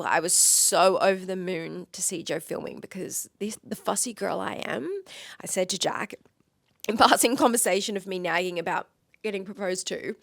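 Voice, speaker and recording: A woman's voice: lowish voice, creaky, no echo. A young woman hosting her own podcast, telling a personal story in a gushing, emotional way and often breaking into giggles. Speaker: podcast host.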